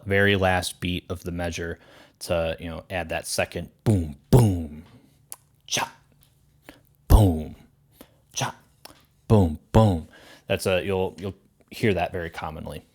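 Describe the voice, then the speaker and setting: Low-voiced man teaching drums. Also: moderate pace. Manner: relaxed, chatty, counts beats aloud and vocalizes drum sounds. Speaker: drum teacher. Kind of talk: casual instructional explanation.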